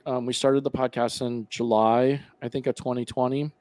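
A man's voice: medium pitch, flat delivery, normal speed, mellow, dry recording. A man talking casually as a podcast guest, rambling with lots of fillers and restarts.

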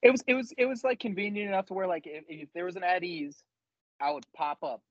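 A man's voice: sits high, quick pace, dry recording. A laid-back young man co-hosting a podcast, swearing a lot and calling everyone bro as he tells army stories. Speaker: podcast co-host. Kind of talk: casual chat, swapping army stories. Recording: slightly dull, lo-fi dry mic.

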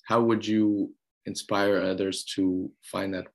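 A man's voice: low voice, little pitch movement, slow pace, darkish tone. A man hosting a casual interview chat, encouraging and searching for his words as he sums up.

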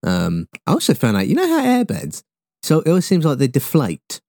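Rambling young English man, very lively pitch. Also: brisk, no room sound, clean studio sound. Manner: rambling, swearing, jokey with sudden pitch jumps. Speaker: podcast co-host. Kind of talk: casual chat.

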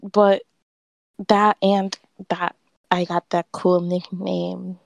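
A young woman co-hosting a casual chat with friends, telling stories with lots of fillers and excited restarts. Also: on the low side, slow, creaky, dry recording. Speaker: podcast co-host.

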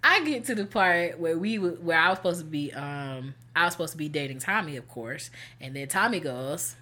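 A woman's voice: sits low, fairly quick. A woman co-hosting a casual chat show, telling a story with lots of slang and acted-out quotes. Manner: animated, slangy, acts out quotes. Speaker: podcast co-host.

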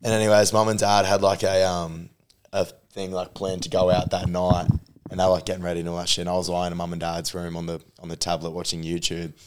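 A man's voice: low-pitched, monotone, fast talker, clean tone. A young man telling a rambling story in a casual podcast chat, full of fillers and swearing. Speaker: podcast co-host.

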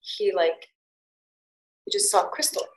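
A woman's voice: mid-range voice, sing-song, slow, a little hiss or hum. Open-hearted woman host in an echoey room. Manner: candid, open storytelling with frequent "like". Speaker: podcast host. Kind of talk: casual podcast conversation. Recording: roomy echo.

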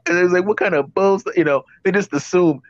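On a casual podcast, a host in his fifties rambles through stories, restarting often. His voice sits high and he talks fast; the recording has no room sound and the highs are cut off.

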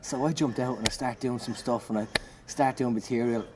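A man, a comedian, telling an animated anecdote in conversation, swearing and shouting out the lines he acts. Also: medium pitch, brisk. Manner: animated, swearing, loud acted-out bursts. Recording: noisy background.

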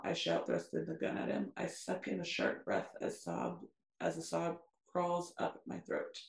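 A woman co-hosting a podcast, reading intense passages of a novel aloud at a steady pace and breaking off for quick asides. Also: fairly low pitch, gravelly, echoey room. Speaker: podcast co-host.

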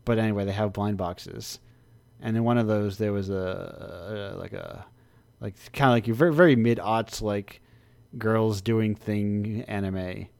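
A man's voice: on the low side, steady tone, gravelly, a little mellow, smooth, dry recording. A man chatting casually on a podcast, rambling with restarts and frequent laughter. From United States. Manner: rambling, halting, often laughing. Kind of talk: casual chat.

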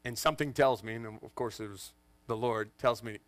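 A man in his forties, a pastor telling a funny family story to his congregation in an animated, joking way. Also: medium pitch, fairly quick, no room sound. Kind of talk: storytelling sermon. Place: church in front of a congregation.

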